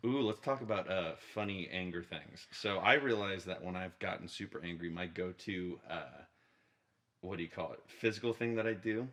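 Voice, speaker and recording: A man's voice: low-pitched, moderate pace. A young man hosting a podcast, chatting casually and acting out quotes with animation. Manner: animated storyteller, acts out quotes. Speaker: podcast host. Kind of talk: casual chat.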